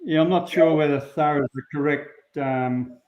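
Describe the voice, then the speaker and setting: Australian man, guest sheepdog handler, slightly high voice, unhurried and plain, echoey dull recording. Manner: unhurried, plain-spoken, many ums. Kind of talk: relaxed interview talk. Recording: roomy, dull lo-fi sound.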